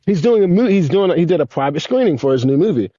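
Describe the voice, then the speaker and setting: A man chatting as a podcast guest, telling excited stories with lots of swearing. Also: fast, breathy edge, dry recording, dull audio. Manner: excited storyteller, swears a lot, animated swings in pitch. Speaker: podcast guest, former pro skateboarder. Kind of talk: casual interview chat.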